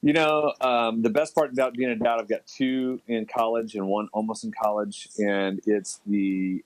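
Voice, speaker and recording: Animated middle-aged man, lively guest. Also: no room sound, rough recording. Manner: animated, quick, jumps up in pitch when excited. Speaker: podcast guest. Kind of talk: casual interview chat.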